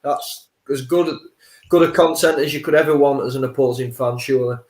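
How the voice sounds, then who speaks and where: A man co-hosting a live football watchalong, chatting casually and breaking into excited exclamations. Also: mid-range voice, brisk. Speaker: co-host of a fan watchalong stream. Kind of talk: casual match chat. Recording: roomy echo.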